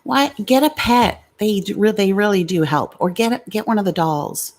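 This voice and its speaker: This middle-aged livestream host has an animated, mid-range voice and talks at a moderate pace. In her casual stream she takes on commenters bluntly and confrontationally, cursing without hesitation.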